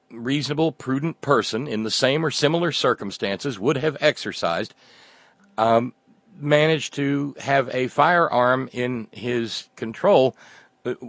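A man's voice: medium pitch, fairly bright tone, no room sound. A man delivering a sarcastic satirical monologue as a commentator, often restarting his words.

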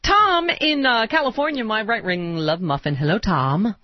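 Woman radio host, animated and joking, dull radio sound. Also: medium pitch, dry recording. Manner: joking, quick with laughs and asides. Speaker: radio talk show host. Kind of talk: political talk radio banter.

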